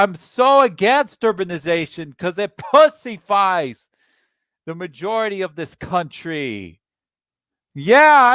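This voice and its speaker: In clean studio-quality audio without echo, a young American channel host delivers a solo rant from home. His smooth voice sits high with a fairly bright tone, and he swears a lot, halting and restarting his sentences as he fumes.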